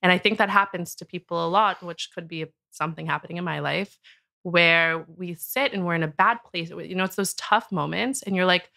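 A woman's voice: lowish voice, a little fast, gravelly, sharp tone. A woman hosting a podcast in casual chat, talking in a loose, rambling way with many "like" fillers and laughing now and then. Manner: chatty, many "like" fillers, acts out her own inner talk; laughs often while talking. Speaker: podcast host.

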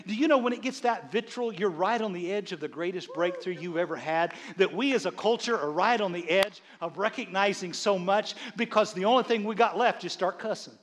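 A man preaching a sermon as a bishop, animated, with frequent stammered restarts and quiet asides. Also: sits high, a little fast, hardly any pauses. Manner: drops into quiet asides and quoted voices. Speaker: bishop and pastor.

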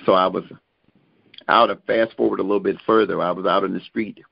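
A middle-aged man, a guest minister, slowly telling his personal religious testimony with many pauses. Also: low voice, creaky, dry recording. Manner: slow, measured storytelling with many pauses. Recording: dull, muffled lo-fi sound.

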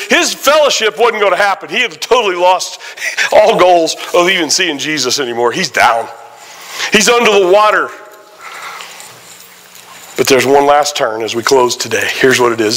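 A man preaching a sermon as a guest pastor, telling stories in an animated way with frequent exclamations. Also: on the high side, rough recording. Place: church sanctuary.

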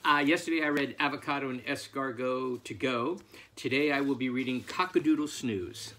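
A man, a picture book author, reading his own story aloud in an expressive, theatrical way. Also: mid-range voice, moderate pace, slight background noise.

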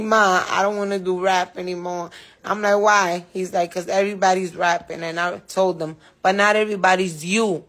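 A woman talks in an interview with raw feeling. Her speech is blunt and outspoken, full of swearing, and her voice has a medium pitch. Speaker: interviewee, mother of a rapper. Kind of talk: emotional interview talk.

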